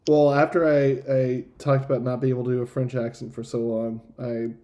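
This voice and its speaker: Male game master, easygoing, halting delivery, medium pitch. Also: little pitch movement, dark tone. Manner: laid-back, hesitant, many fillers and restarts. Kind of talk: narrating a tabletop game.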